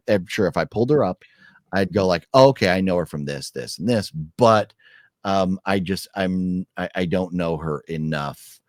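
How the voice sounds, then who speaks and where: A man co-hosting a casual film review chat, rambling with restarts and sudden lively jumps. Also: on the low side, dry recording, clean studio sound. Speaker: podcast co-host.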